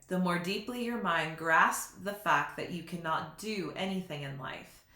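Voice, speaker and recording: A woman speaks in a slightly low but bright, forceful voice. She gives a spiritual teaching in an unhurried, reflective way and laughs at her own slips. The sound carries a roomy echo. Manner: slow, reflective, laughs at herself.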